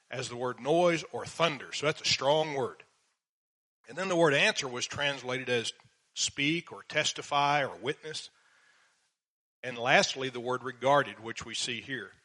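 A man's voice: medium pitch, fairly bright tone. A man preaching a verse-by-verse Bible sermon in a church, earnest and emphatic, reading scripture in old King James English.

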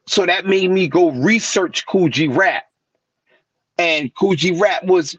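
A man tells his stories in a lively way, higher-pitched than most men, and jumps up in pitch whenever he quotes someone. His voice comes through a dull, lo-fi web call with a dry, close sound. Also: a little slow, slightly rough, dry recording. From New York. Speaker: guest rapper. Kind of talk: casual storytelling interview. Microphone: remote call mic.

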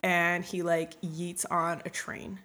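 A young woman with a slightly low voice recaps a story in a loose, irreverent comic style. She is crude and offhand, and she keeps breaking into quick character voices. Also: completely flat delivery, bright, forceful tone. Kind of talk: casual comedic book recap.

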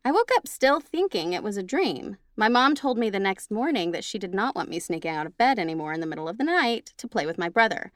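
A woman's voice: mid-range voice, sing-song, fast, few pauses, no echo, clean studio sound. A woman co-hosting a casual chat, reading spooky stories and teasing her co-host bluntly. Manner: blunt, teasing, swears freely.

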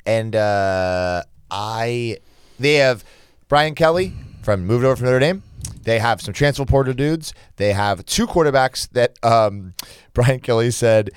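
A man's voice: mid-range voice, expressive, unhurried, clear, resonant tone, no room sound. A young man co-hosting a casual sports betting podcast, rambling and restarting his sentences as he gives his picks. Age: young adult. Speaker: podcast co-host.

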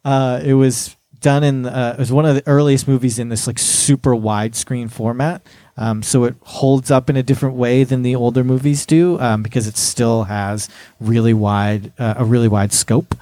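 Male podcast co-host, enthusiastic, explains film history, mid pitch, dry close sound. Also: fairly even intonation, normal speed, warm tone, no room sound. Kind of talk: casual chat.

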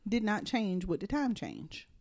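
A woman's voice: medium pitch, very animated, unhurried, a little mellow, no echo. A woman co-hosting a casual podcast, wry and blunt, with dialect-heavy remarks. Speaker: podcast co-host. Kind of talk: casual chat.

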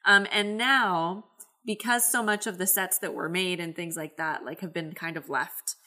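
A woman's voice: fairly low pitch, steady tone, moderate pace, sharp tone. A woman chatting casually, full of "um" and "like" fillers. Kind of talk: casual chat.

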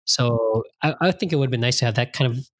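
A man at a middle pitch hosting a casual podcast, loose and animated, peppering his talk with swearing and playing out his own reactions. The sound is dry and close, with no room around it. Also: fast talker, no echo. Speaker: podcast host. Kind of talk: casual chat.

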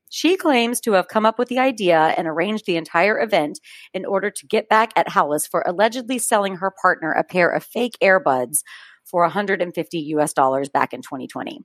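On her podcast, a co-host with a somewhat low voice reads out a true-crime story, staying laid-back with chatty digressions and laughs between details. She sounds expressive and talks fairly quickly, and the close-miked recording is dry with no room sound.

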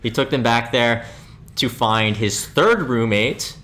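A man's voice: medium pitch, lively intonation, slow pace, a bit bright, a little hiss or hum. A young man co-hosting a casual podcast, telling a crime story loosely with many fillers and restarts. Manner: rambling, lots of fillers and restarts. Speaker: podcast co-host. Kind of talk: casual true-crime chat.

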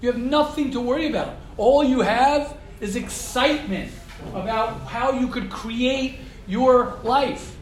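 High-pitched man, emphatic, repetitive, coaxing questions, informal sermon, echoey room. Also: unhurried. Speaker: rabbi giving a morning class. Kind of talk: informal sermon to young men. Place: room with a small live group.

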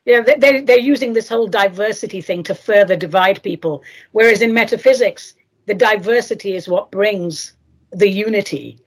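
Woman, radio show host, husky voice, earnest, conversational. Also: mid-range voice, moderate pace. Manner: earnest, spiritual, asks leading questions. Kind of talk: conversational interview.

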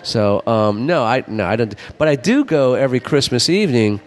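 A man's voice: medium pitch, animated, normal speed. A middle-aged man co-hosting a talk show, telling rambling stories in casual chat, laughing often and acting out what people said. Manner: rambling storyteller, acts out quotes, laughs often. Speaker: podcast co-host.

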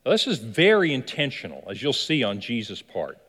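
Animated male pastor preaching. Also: medium pitch, brisk, slightly rough. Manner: animated storytelling, asks the listeners questions. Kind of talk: sermon. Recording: long hall reverb.

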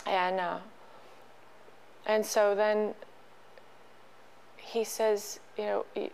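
A middle-aged woman telling a personal story as an interview guest, halting and emotional, with many restarts. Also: medium pitch, little pitch movement, gravelly, darkish tone, clean tone, rough recording. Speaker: podcast guest.

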